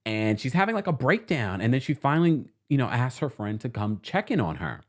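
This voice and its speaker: A man's voice: medium pitch, a little fast. A man hosting a casual reality TV recap stream, chatting and laughing and reading out viewer comments. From New York City. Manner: animated and chatty, laughing often. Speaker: host of a reality TV recap show.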